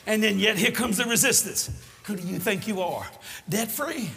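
High-voiced older preacher, hall echo. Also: male voice, normal speed, gravelly. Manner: fervent, often shouting, folksy storytelling. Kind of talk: sermon. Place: large church hall with congregation. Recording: echoey live hall recording with crowd and noise.

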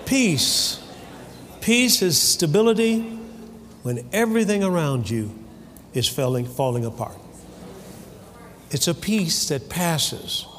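Lively preacher man in an echoing hall. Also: on the high side. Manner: animated, calls for amen from the congregation. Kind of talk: sermon. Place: church sanctuary. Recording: hall reverb with faint ambience.

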